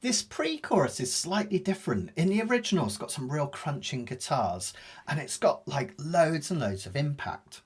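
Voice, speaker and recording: A man teaching a live ukulele lesson, explaining fast in a chatty, self-deprecating way. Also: a little high, sing-song, husky. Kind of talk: live online music lesson. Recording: ukulele playing behind the voice.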